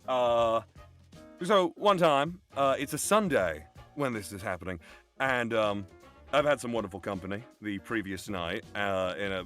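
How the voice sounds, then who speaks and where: A man from England with a Birmingham accent tells a long, animated story with plenty of swearing and acts out the voices of the people in it. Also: on the low side. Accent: Birmingham English. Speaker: guest telling a story. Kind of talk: animated storytelling on a live stream. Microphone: video call or streaming mic.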